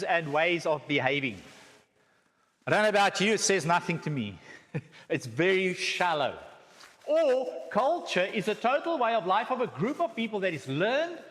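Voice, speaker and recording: A South African guest speaker with a high-pitched, fairly bright voice gives a teaching talk with slides in a church hall. He jokes and throws rhetorical questions at the room, and the hall sounds echoey.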